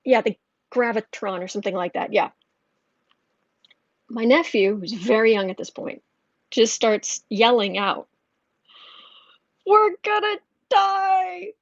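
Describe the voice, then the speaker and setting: In a medium-pitched voice, a tarot reader works through her cards in a rambling, storytelling monologue full of restarts. She speaks a little slowly with long pauses, and the audio is dull with no room sound.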